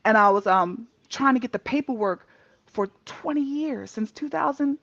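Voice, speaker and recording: Woman chatting on a call, laughs a lot, cusses, kinda high, dull muffled mic. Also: moderate pace, no echo. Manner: animated storytelling, laughs often, curses freely. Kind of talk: candid casual chat.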